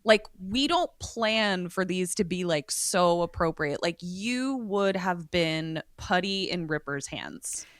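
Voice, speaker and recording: Chatty low-voiced woman podcast host. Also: expressive, slow, hardly any pauses, dry recording, clean studio sound. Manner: chatty, jokey, trails off and restarts. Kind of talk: casual chat.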